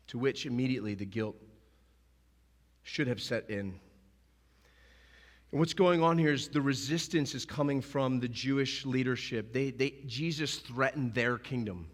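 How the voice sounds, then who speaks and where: A male pastor preaching a sermon, animated and emphatic, acting out scenes as he goes. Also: mid-range voice, normal speed, pauses often, long reverb tail. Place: church sanctuary.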